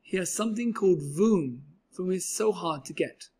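A man's voice: high voice, animated, moderate pace, darkish tone, slightly rough, pitched above the performer's own voice, heavily acted. A man reading aloud and voicing a cheerful, boastful male cat in a tall hat, with a showy, exclaiming manner. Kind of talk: storybook read-aloud.

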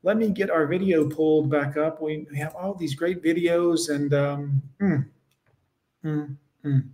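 A man's voice: a little high, steady tone, a little slow, dark tone. A man hosting a live stream and reacting to a clip, blunt and sarcastic as he talks to his chat. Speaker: streamer host.

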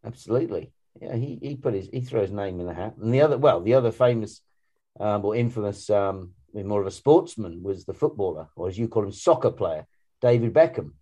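A man's voice: fairly low pitch, animated, brisk, mellow, highs cut off. A man co-hosting a casual podcast, talking in rambling sentences full of restarts and fillers. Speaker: podcast co-host.

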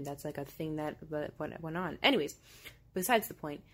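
A woman's voice: low voice, moderate pace. A young woman giving chatty, casual commentary while watching a movie, using plenty of fillers. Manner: chatty, filler-heavy, animated.

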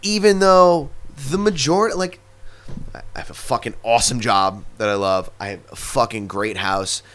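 A man's voice: mid-range voice, normal speed, fairly bright tone, slight background noise. A man hosting a podcast in casual chat, swearing a lot as he rants about his life. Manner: profane, heated and ranting. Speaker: podcast host.

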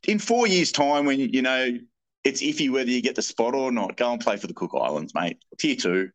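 A man's voice: medium pitch, animated, brisk, rough recording. An Australian man co-hosting a casual rugby league podcast, blunt and teasing in his opinions. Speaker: podcast co-host. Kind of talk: casual sports chat.

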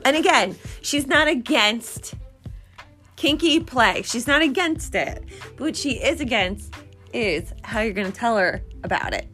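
A woman hosting her own video, excitedly introducing a guest and wrapping up with advice. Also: a little high, a little slow, soft background music. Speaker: vlog host. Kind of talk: casual chat.

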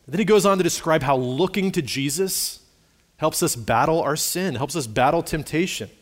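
A man's voice: on the high side, normal speed. A man, a pastor preaching a sermon and reading a quoted conversion testimony aloud with rising emphasis.

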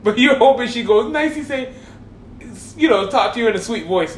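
High-voiced man telling a laughing story. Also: moderate pace, reverberant, a little hiss or hum. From Hawaii. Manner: animated, laughing through his words. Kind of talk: casual comic storytelling.

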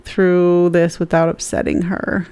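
A woman's voice: on the low side, completely flat delivery, a little slow, dark tone, clear, resonant tone. Chatty woman co-hosting a podcast. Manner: chatty, reads comments aloud, frank. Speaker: podcast co-host. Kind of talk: casual chat.

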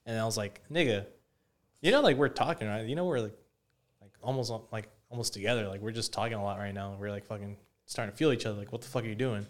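A man's voice: on the low side, quick pace. A young man co-hosting a podcast, telling stories in a rambling, profane, casual chat. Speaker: podcast co-host.

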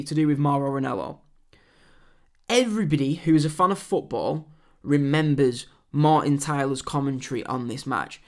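A man hosting a wrestling podcast, giving blunt opinions with swearing and mocking loud shouts. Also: a little high. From England. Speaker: podcast host.

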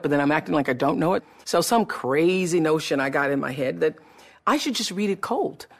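A woman tells a story from her own life, her voice low and gravelly. She talks animatedly and slips into other people's voices as she quotes them. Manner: animated, acts out quoted dialogue. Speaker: public speaker. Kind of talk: personal storytelling talk.

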